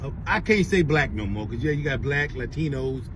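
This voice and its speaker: A man's voice: mid-range voice, fairly quick, noisy background. A man telling a rambling, profane story to his viewers from his car on the way to work. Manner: rambling, profane, animated retelling. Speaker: vlogger. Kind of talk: casual storytelling rant.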